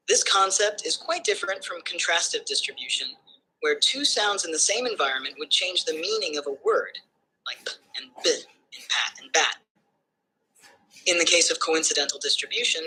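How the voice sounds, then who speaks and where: Teaching phonetics like a tutor, this artificial assistant voice sits at medium pitch with a breathy edge. The recording is poor, but the explanation stays calm and stepwise, ending with a check for understanding.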